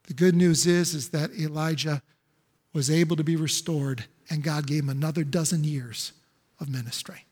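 A man's voice: on the high side, fairly even intonation, normal speed, darkish tone, slightly rough. A male pastor preaching a sermon in an emphatic, repetitive way, full of rhetorical questions. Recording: echoey hall with long reverb.

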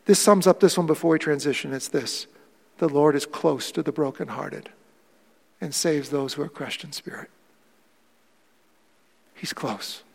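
A man in his forties preaching a sermon in a large auditorium. He tells a personal story quietly, then builds to impassioned preaching. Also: fairly high pitch, a little slow, creaky, pauses often, husky, long reverb tail. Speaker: pastor.

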